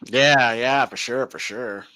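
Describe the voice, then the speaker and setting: A man co-hosting a casual horror movie watch-along podcast, rambling and excitable, with lots of fillers and swearing. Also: mid-range voice, slow pace, no echo, poor audio. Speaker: podcast co-host.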